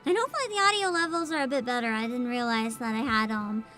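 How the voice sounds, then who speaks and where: A woman streaming a video game in casual chat, excitable, often shrieking, laughing and swearing. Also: fairly high pitch, fast talker. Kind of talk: casual gaming livestream. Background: game music.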